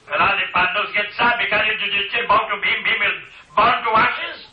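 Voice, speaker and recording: A man preaching a sermon, retelling a story in an animated way to his congregation. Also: sits high, fairly quick. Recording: echoey hall, distant dull mic.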